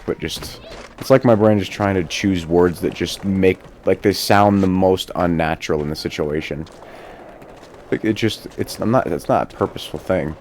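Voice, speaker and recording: A man's voice: low voice, a little mellow, a little hiss or hum. A young man giving casual gameplay commentary, rambling between topics, swearing often and joking at his own expense. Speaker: gaming YouTuber.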